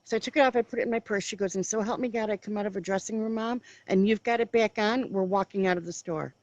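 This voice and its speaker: A middle-aged woman hosts a casual talk show, telling family stories with lively acted-out dialogue. Her voice sits at an ordinary pitch. The sound is dry and close. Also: quick pace, no echo, muffled recording. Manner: animated storyteller, acts out her daughter's lines. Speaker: show host. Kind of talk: casual chat.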